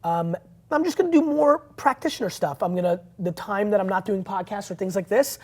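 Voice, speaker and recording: Husky guy, brash and punchy, cusses a lot, fairly high voice for a man. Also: fairly quick. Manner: brash, emphatic, swears freely. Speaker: guest. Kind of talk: casual interview chat.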